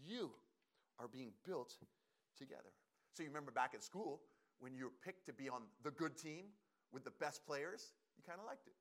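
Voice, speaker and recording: A man preaching as pastor, earnest and emphatic, pausing and repeating phrases for stress. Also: fairly high pitch. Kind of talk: sermon.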